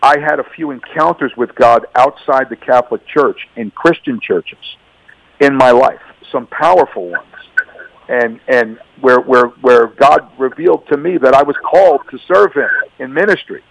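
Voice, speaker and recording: Male radio guest, gravelly and dry, giving earnest spoken testimony. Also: medium pitch, moderate pace, no room sound, low-quality recording. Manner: earnest, emphatic, repeats words. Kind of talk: personal testimony.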